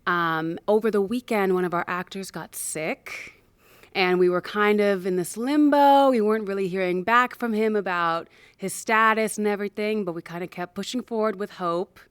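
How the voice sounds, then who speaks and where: A young actress and producer tells a chatty story about mishaps during a show's production. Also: female voice, mid-range voice, normal speed, clear, resonant tone, dry recording. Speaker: actor and producer. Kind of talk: casual anecdote to camera.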